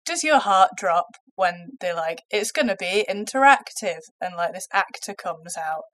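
A woman from England holds forth on a casual comedy podcast, full of swearing and laughter. She has a slight cold. Her telling is animated and playful. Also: fairly low pitch, a little slow. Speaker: podcast co-host.

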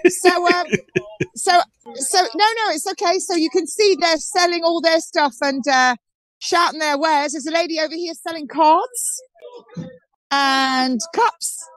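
A woman's voice: extremely high pitch, a little slow, a bit bright, no room sound. A woman from southern England chatting animatedly on a phone while touring an outdoor market, full of restarts. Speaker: guest on a live call-in show. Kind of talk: live walking tour on a phone call.

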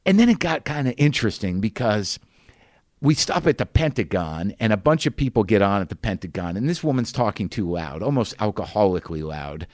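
A man hosting a podcast, telling a rambling, incredulous comic story with quick restarts. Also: lowish voice, sing-song, darkish tone, dry recording, clean studio sound. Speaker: podcast host.

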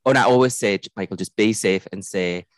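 Chatty young man, low voice. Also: fairly quick, no echo. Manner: chatty, laughs often, reminiscing. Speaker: podcast co-host. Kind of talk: casual chat.

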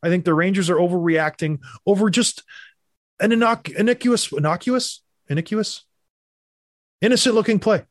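A man who used to play hockey, hosting a casual sports talk show and giving animated, opinionated rants. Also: high-pitched, brisk, dry recording, studio quality. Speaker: podcast host, former hockey player.

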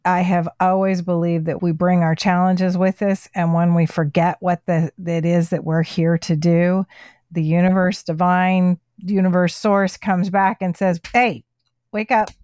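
A woman's voice: on the low side, level tone, a little slow, dark tone, smooth, dry recording, studio quality. A woman hosting a heartfelt casual conversation, speaking in a soothing, affirming way.

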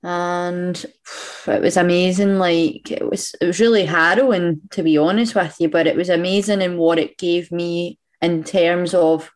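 A young Scottish woman speaks in a lowish voice as a guest on a casual podcast. She is chatty, laughs easily and fills her pauses with "um". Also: fairly even intonation, a little mellow. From Scotland. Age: young adult.

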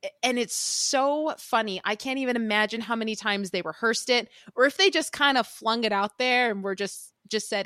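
A woman's voice: on the high side, a little fast, bright, forceful tone, no room sound, clean studio sound. A woman co-hosting a podcast, chatting casually about a film and acting out its lines in playful voices. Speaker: podcast co-host.

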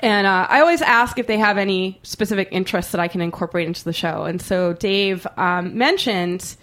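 Woman podcast host, fast excited chatty talk, laughs a lot, mid pitch. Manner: quick, excitable, laughs often. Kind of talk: casual chat. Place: studio, live show.

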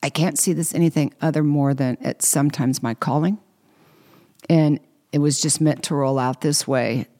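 A middle-aged woman, an interview guest, telling stories in a casual, lively way and slipping into quoted voices. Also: deep voice, moderate pace. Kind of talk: casual storytelling.

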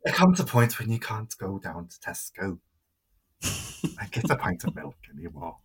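A woman's voice: rumbling low, big pitch swings, moderate pace. A woman co-hosting a podcast, telling stories in casual chat and swearing freely. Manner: storytelling, swears freely, laughs often. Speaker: podcast co-host.

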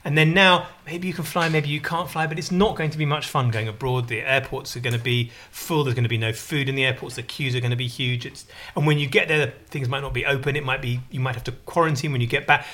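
A man's voice: medium pitch, fairly even intonation, quick pace, few pauses, bright, forceful tone. A man chatting casually as a podcast co-host, rambling, self-mocking and jokey. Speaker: newspaper columnist and podcast co-host. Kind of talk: casual comic chat.

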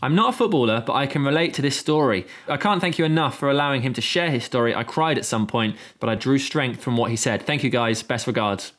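A man's voice: medium pitch, fast talker, few pauses, a bit bright. A man co-hosting a football podcast, adding dry facts and reading listener emails aloud. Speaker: podcast co-host.

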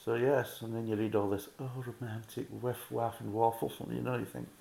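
A man's voice: mid-range voice, little pitch movement, fairly quick, creaky, mellow, reverberant. A Scottish man giving a casual beer review, ranting bluntly and swearing a lot. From Scotland.

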